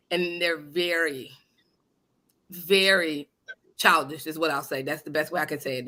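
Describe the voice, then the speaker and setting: A woman hosting a casual talk show, telling a story in an animated, emphatic and blunt way. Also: low voice. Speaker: host. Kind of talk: casual chat. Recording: live online radio show.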